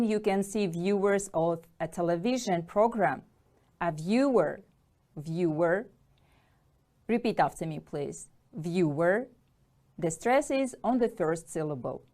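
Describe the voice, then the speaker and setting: Woman teacher, vocabulary drill, animated pitch, unhurried pace. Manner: clear, measured word-by-word pronunciation. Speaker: English teacher.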